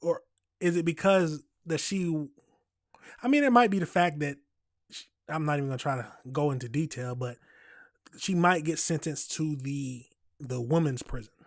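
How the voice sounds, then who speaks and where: A man reacting to a clip for his viewers, talking in a blunt, casual way straight at the camera. His voice sits a bit high for a man. The sound is close and dry, from a desk microphone at home. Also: normal speed, long pauses, dry recording. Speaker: reaction video host. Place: home streaming setup. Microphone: USB desk microphone.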